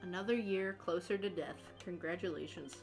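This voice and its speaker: A woman's voice: on the low side, moderate pace, gravelly, darkish tone, soft background music. A woman co-hosting a let's play, telling crude jokes, laughing often and acting out quotes in a mock voice. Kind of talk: casual gaming banter.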